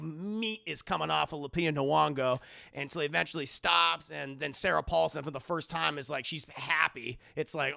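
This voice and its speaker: A man casually recapping a film for his stream chat, telling it in an animated, profane way. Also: a little high, creaky, no echo, studio quality. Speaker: movie reviewer streaming to chat.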